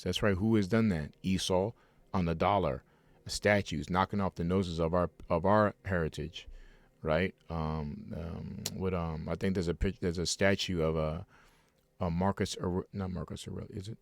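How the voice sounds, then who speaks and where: A man with a very low voice preaches a heated sermon from home, breaking into fiery asides and frequent restarts between scripture readings. The sound is dry, with almost no room around him. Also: steady tone, moderate pace, no room sound.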